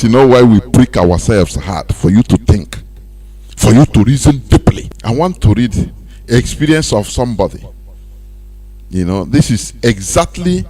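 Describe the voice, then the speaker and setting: A Nigerian man hosting a radio talk show, speaking in a loose, animated monologue that mixes in pidgin. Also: mid-range voice. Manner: animated, mixing pidgin and laughing asides. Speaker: radio host.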